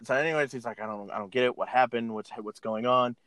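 With a fairly bright, mid-range voice and no room sound, a fast-talking man recaps a film scene by scene for a podcast. It's a casual chat where he laughs frequently and voices the characters' lines.

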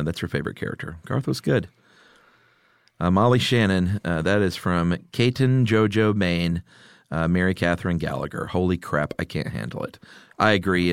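A man's voice: deep voice, clean tone, dry recording, clean studio sound. A middle-aged man hosting a podcast in casual chat, reading listener picks aloud and laughing often. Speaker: podcast host.

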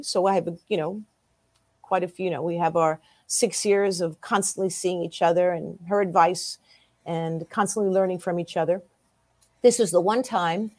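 A woman in her sixties, a guest in an interview, telling her story in a lively way and acting out what other people said. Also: fairly low pitch, dry recording. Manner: lively storyteller who acts out quoted voices.

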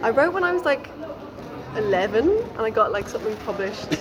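A woman's voice: a little high, very animated, fairly quick, poor audio. A young woman from Essex with an Irish-tinged accent, a guest chatting casually with many "likes" and "ums" in a library café. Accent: Irish-tinged English. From Essex, England. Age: young adult. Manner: casual, says "like" and "um" often. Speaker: guest writer. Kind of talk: casual interview chat. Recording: busy café crowd behind.

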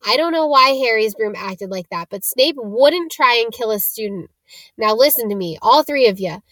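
A big gruff gamekeeper, stubborn and protective, as a woman reads him aloud. He speaks insistently in a slightly high, dry voice. This is a storybook reading. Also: expressive, moderate pace, fairly bright tone, dry recording. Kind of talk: reading character dialogue in a storybook.

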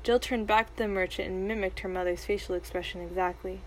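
A woman reading a storybook aloud with expressive, animated narration. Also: mid-range voice, fast talker, slight background noise, poor audio.

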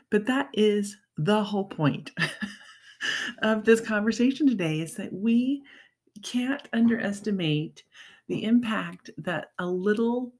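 A woman's voice: mid-range voice, a little mellow. A woman hosting a podcast and working as a mental health coach, telling a personal story in a chatty, heartfelt way with lots of fillers and laughs. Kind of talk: casual storytelling monologue.

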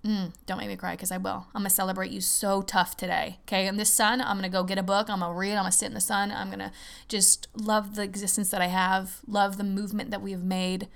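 A young woman hosting her own podcast, chatting casually and excitedly, talking fast and cursing often. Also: medium pitch, gravelly. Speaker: podcast host. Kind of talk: casual solo podcast chat.

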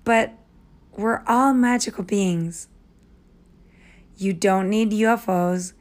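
A woman hosting a podcast, rambling through tangents as she processes her thoughts out loud into her phone. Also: medium pitch, takes it slowly. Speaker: podcast host and online English tutor. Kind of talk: rambling spoken-aloud voice memo. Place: home, Minnesota.

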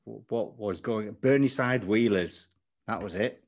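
A man's voice: lowish voice, a little slow. A man hosting a casual podcast interview over a video call, chatty and bantering with his guest. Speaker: podcast host.

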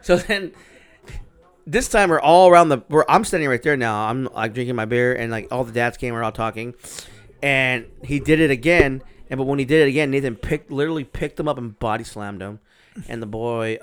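Here the host, a man in his thirties, has a medium-pitched, clear, resonant voice and a brisk pace. His casual podcast story is packed with swearing and acted-out dialogue, told with plenty of animation.

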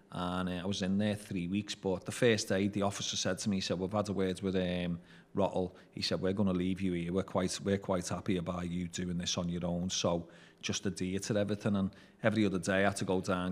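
Scouse man, very low voice, casual swearing storyteller who acts out dialogue. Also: level tone, fairly quick. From Merseyside, England. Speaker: interview guest, former prisoner.

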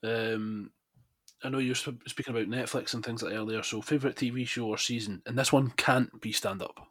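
A man's voice: medium pitch, fairly even intonation, a little fast, a bit bright, husky. A man hosting a podcast, asking questions in an easygoing, casual chat. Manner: easygoing questioner, laughs often. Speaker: podcast host.

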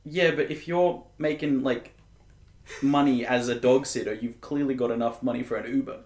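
A man's voice: mid-range voice, steady tone, moderate pace, darkish tone. A young man asking dry, practical questions in casual podcast chat. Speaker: podcast co-host. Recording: echoey room.

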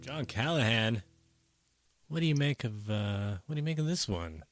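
A man's voice: mid-range voice, expressive, normal speed, dry recording. A man hosting a music podcast, chatting casually and playfully, laughing often. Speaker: podcast host.

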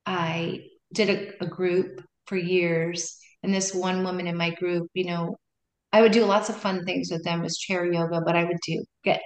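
Her voice is on the low side, with a level tone and normal speed. She's a middle-aged meditation and yoga teacher, a guest in a casual interview, talking in loose, trailing sentences with frequent restarts, recorded in an echoey room.

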